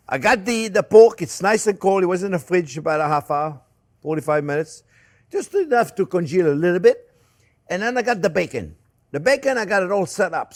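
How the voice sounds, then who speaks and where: An older man with a French accent, hosting a cooking demonstration in a chatty way, laughing at himself as he works. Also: high-pitched. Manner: chatty, animated, self-mocking asides with chuckles. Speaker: cooking show host.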